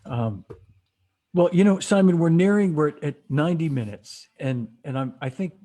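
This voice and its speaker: A man's voice: on the high side, animated, normal speed, dark tone. A man hosting a casual interview over a video call, telling a rambling story with many restarts and frequent laughs. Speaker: host.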